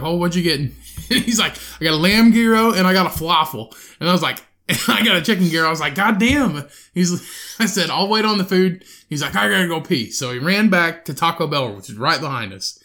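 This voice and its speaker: Young guy rambling thru a story, cussing a lot, high bright voice. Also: brisk. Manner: profane, animated retelling with quoted voices. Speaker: podcast co-host. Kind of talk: casual storytelling chat.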